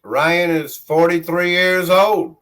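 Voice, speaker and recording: A man with a Southern country accent chats to his viewers from his home, speaking into a phone he holds in his hand. His pace is unhurried and drawn out, and his voice sits slightly high for a man. He rambles in a friendly way, reads out comments and refers to himself in the third person. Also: steady tone, fairly bright tone. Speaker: livestream host. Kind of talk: casual livestream chat, reading viewer comments aloud. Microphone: phone held in hand.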